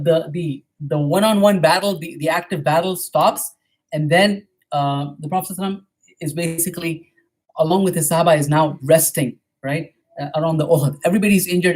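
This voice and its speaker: A man giving a storytelling history lecture at a mosque, retelling events quickly and often checking in with "right?". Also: sits high.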